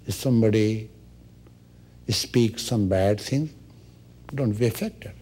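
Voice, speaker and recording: A man, a spiritual teacher giving an unhurried, instructive meditation talk. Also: fairly low pitch, slightly rough. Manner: unhurried, instructive, with soft asides.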